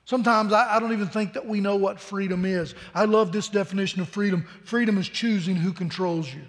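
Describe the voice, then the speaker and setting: A very high-pitched man preaches in a plain, conversational way, circling back on his words as he builds each point. His voice rings out with a long hall reverb from a large worship space. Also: fairly even intonation, brisk, a bit bright. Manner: earnest, conversational preaching with frequent repeated words. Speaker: pastor. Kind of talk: sermon.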